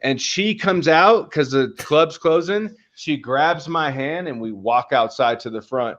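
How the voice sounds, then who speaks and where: A man's voice: a little high, unhurried, a bit bright, dull audio. A man casually telling a long story on a podcast, rambling and swearing with lots of fillers. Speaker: podcast co-host.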